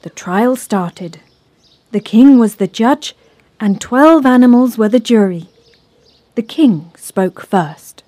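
A woman narrating a children's story in a calm, clear, measured way. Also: a little high, no echo.

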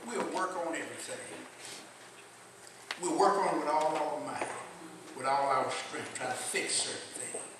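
A man's voice: fairly high pitch, normal speed, pauses often, noisy background. Man preaching a folksy sermon in an echoey church. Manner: folksy call-and-response preaching. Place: church sanctuary with congregation. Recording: very echoey, distant church recording with congregation.

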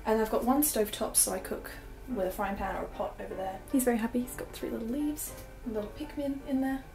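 A bright-voiced young woman from Australia talks through a casual tour of her tiny flat, her accent slipping toward British now and then. She rambles with fillers and giggles. The sound is echoey, with soft music underneath. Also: fairly high pitch, fast. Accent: Australian, drifting British. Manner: chatty, giggly, lots of fillers. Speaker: vlogger. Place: small apartment room. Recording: echoey small room, faint background music.

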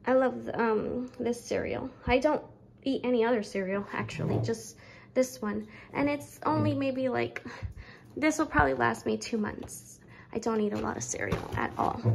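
A woman's voice: on the high side, moderate pace, creaky, noisy background. Chatty young woman vlogging, slightly breathless. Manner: chatty, rambling, with fillers. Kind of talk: casual grocery haul chat.

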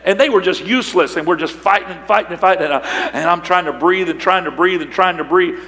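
An older male pastor preaching a sermon, telling a story and building to shouted emphasis. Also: high voice, fast talker. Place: large church sanctuary. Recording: long hall reverb.

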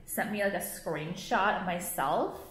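A woman's voice: on the low side, measured pace, heavy background noise. A young woman vlogging to camera, who owns a jewelry line and rants casually, with lots of fillers, bluntness and swearing. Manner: rambling, heavy on "like", blunt and profane. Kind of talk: casual ranting vlog to camera. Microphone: camera, not phone. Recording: echoey room.

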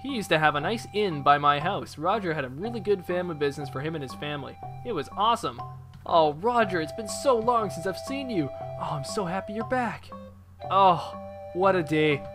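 A man giving casual, excitable commentary while playing a video game, chatty and quick to exclaim. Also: a little high. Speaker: gamer.

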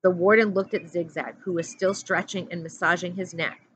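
A woman teacher reading a chapter book aloud in a steady, plain narrating voice. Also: fairly low pitch, moderate pace. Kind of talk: storybook read-aloud. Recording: dull lo-fi audio with faint hum.

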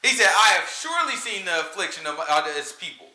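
A man teaching scripture in an informal, conversational sermon, slangy and animated, often checking in with "right?". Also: high voice, fairly quick, roomy sound. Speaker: teacher leading a scripture study.

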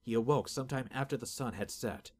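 A man giving steady, measured scripted narration of a fantasy audiobook. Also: mid-range voice.

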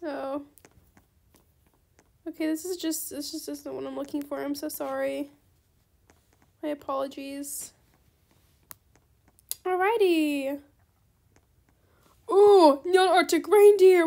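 A woman hosting a casual gaming video, chatty and excitable, politely turning down trade offers as she plays. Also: high-pitched, measured pace, gravelly, pauses often. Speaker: gaming channel host. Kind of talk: casual gameplay commentary.

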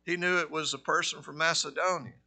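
A middle-aged pastor from Georgia, USA, preaches a conversational sermon in a Southern accent, building up to forceful emphasis. His male voice is fairly high in pitch, steady in tone, and brisk.

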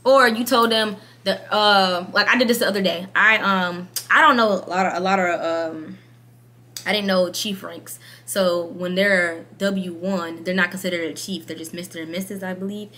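A woman's voice: fairly low pitch, normal speed. A woman army sergeant talking casually and bluntly to camera, full of slang and rhetorical questions. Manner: blunt, animated, slangy and frank; asks many rhetorical questions.

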